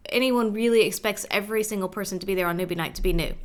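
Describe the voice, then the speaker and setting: A woman's voice: medium pitch, racing. A woman co-hosting a podcast in casual chat, chiming in with short affirmations and teasing remarks. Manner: brief affirming interjections, teasing. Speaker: podcast co-host.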